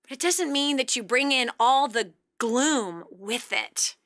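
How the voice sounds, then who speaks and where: A middle-aged woman hosting a motivational talk show, chatty and animated, laughing often as she talks. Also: high-pitched, slow. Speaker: radio show host.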